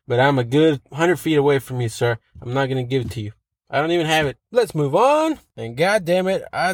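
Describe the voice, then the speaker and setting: A man's voice: mid-range voice, dry recording. A man hosting a podcast, reading online posts aloud and ranting about them in a profane, sarcastic, rambling way. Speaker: podcast host.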